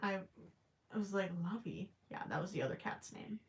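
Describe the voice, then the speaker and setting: A woman's voice: mid-range voice, expressive, brisk. A woman hosting a crochet live stream, chatting casually and thinking aloud with stammering restarts, her voice cracking after hours of talking. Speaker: crochet livestream host.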